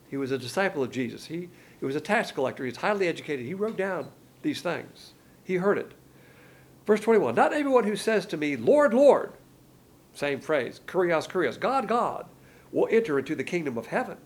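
A gravelly, husky man preaching a sermon. His pitch swings widely as he drives his points home. He talks in a colloquial, emphatic way, dropping slangy asides.

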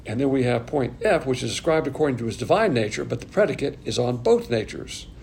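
A man with a gravelly, middle-pitched voice teaches Bible doctrine from his notes, moving methodically from one lettered point to the next. He poses questions and answers them himself, and now and then clears his throat. A faint low rumble sits under the recording. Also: animated, a little fast, darkish tone. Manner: methodical, walks through numbered points and asks questions back.

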